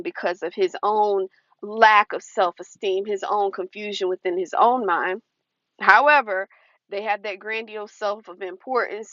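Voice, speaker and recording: A woman's voice: medium pitch, fairly bright tone, no room sound. Woman giving earnest warnings, dull recording. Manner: earnest, warning, acts out quoted lines. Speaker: advice vlogger. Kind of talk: casual advice talk to camera.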